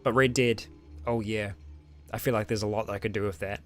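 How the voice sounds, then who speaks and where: A young man with an Australian or New Zealand accent, hosting a casual question-and-answer chat with his viewers, relaxed and rambling with lots of ums and small laughs. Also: lowish voice, a little fast, faint music behind. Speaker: roleplay channel host answering viewer questions.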